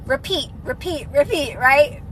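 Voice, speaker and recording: A woman with a high, bright voice talks casually on a live stream. She repeats her points and reassures her viewers. She answers their comments as she goes. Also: a little slow, slight background noise, low-quality recording. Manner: casual, repetitive, reassuring advice. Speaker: manifestation coach.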